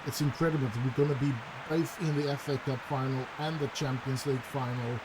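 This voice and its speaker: Speaking a little fast at a medium pitch, with noise in the background, a gaming YouTuber chats through a football management game in casual let's-play style. He hesitates often and rambles, but livens up at chances and gets excited at goals.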